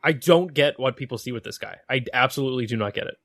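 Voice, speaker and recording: A man co-hosting a wrestling podcast, talking into a close mic with a very dry sound. He is opinionated and mocking, and breaks into quick impressions of the wrestlers he's tearing apart. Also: mid-range voice, creaky, a bit bright, dry recording. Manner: opinionated, mocking, mimics wrestlers mid-rant. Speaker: podcast co-host. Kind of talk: casual wrestling chat.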